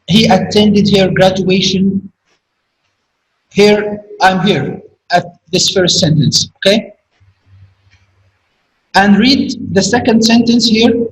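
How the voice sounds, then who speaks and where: A man teaching a grammar lesson, speaking slowly and repeating key words for emphasis. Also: sits high, a little hiss or hum. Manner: slow, repetitive, stresses key words. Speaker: high school English teacher. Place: classroom. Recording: echoey room, voice from a distance.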